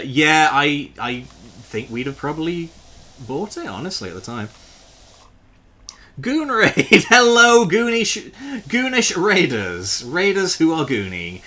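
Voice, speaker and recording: A man's voice: mid-range voice, sharp tone. A man streaming live, chatting casually with viewers while he plays a game, joking and swearing freely. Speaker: variety streamer.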